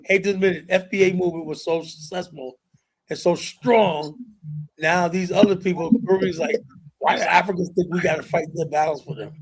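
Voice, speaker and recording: A man's voice: high-pitched, steady tone, brisk. A man hosting a streamed podcast panel, arguing his points with emphasis and loose profanity. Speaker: podcast host. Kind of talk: heated panel debate.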